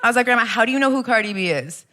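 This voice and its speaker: A woman's voice: a little high, animated, racing, background noise. A young American woman performing a brash stand-up set, swearing and teasing the crowd at a comedy club. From Los Angeles area, US. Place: comedy club stage with live audience.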